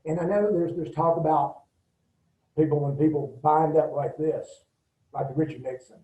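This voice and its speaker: Middle-aged man, folksy instructor, mellow voice, recorded from a distance in a roomy space. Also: a little high, steady tone. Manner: folksy, demonstrative, acts out quick quoted bits. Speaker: martial arts instructor. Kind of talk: casual safety talk to an audience. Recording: roomy, distant, dull lo-fi sound.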